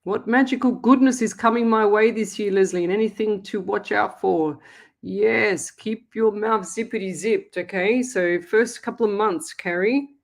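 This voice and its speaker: A woman's voice: medium pitch, normal speed, vocal fry. Blunt, chatty Australian woman host. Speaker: psychic medium radio host. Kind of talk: live call-in reading, casual chat.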